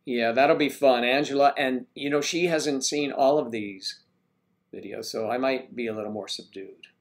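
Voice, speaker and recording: A man's voice: medium pitch, moderate pace. An older man hosting a casual livestream, greeting viewers by name and rambling while he fumbles with his equipment. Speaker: livestream host.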